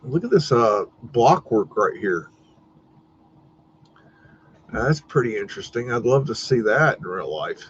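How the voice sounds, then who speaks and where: A man's voice: mid-range voice, sing-song, measured pace, long pauses. A man hosting a casual livestream, rambling and laughing, swearing freely and chatting to his dog between comments. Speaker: livestream host. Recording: dull lo-fi stream audio with faint noise.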